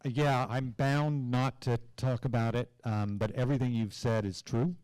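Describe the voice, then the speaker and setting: A man in his fifties from Oklahoma, an actor telling animated stories with hesitations in an onstage conversation. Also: medium pitch, normal speed, clear, resonant tone, no room sound. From Tulsa, Oklahoma. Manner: animated anecdotes with hesitations and acted quotes. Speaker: guest actor. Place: cinema stage before an audience.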